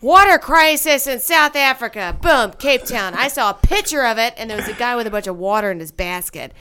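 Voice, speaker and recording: A woman's voice: on the high side, expressive, brisk, sharp tone, a little hiss or hum. A woman co-hosting a podcast, telling crude, brash stories in casual chat. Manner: brash, crude storytelling with bursts of laughter. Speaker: podcast co-host.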